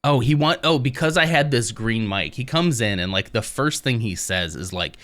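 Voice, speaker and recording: A man of medium pitch talks at a normal speed with hardly any pauses during a live stream from his home office. His smooth voice carries a relaxed, rambling chat with his viewers.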